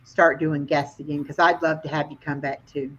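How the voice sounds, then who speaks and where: A woman's voice: low-pitched, level tone, normal speed. A middle-aged woman hosting a live stream, chatting casually and telling stories about herself. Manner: chatty, self-deprecating storyteller. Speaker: host of a weekly live stream. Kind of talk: casual chat. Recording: dull lo-fi stream audio.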